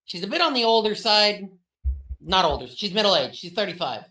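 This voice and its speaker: A woman's voice: mid-range voice, very animated, moderate pace, sharp tone. A woman player casually describing her character during a tabletop game. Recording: echoey, from a distance.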